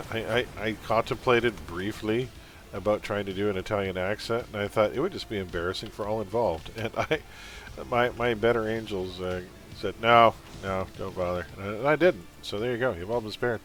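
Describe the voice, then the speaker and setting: A man's voice: lowish voice, fairly quick, a little hiss or hum. A man from Canada with a mild Canadian accent, chatting casually as he streams a game and reads its text aloud. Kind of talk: casual live-stream commentary.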